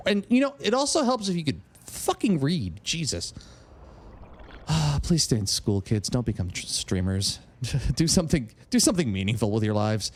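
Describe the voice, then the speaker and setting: A man's voice: a little high, big pitch swings, normal speed. A man streaming a game, reading its text aloud in a theatrical voice and breaking into casual asides with swearing and laughs. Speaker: streamer and voice actor. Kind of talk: casual livestream commentary.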